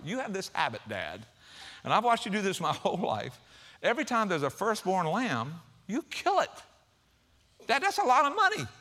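A man's voice: high voice, fairly bright tone, pitched above the performer's own voice. A man voicing a young son who keeps the ranch books, urgently lecturing his father.

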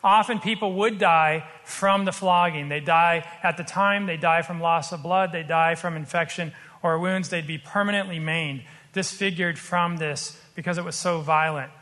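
A man preaching a sermon, earnest and explanatory, slowing down to stress his points. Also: a little high, steady tone, pushed and bright, in a large hall. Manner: earnest, explanatory, slows for emphasis.

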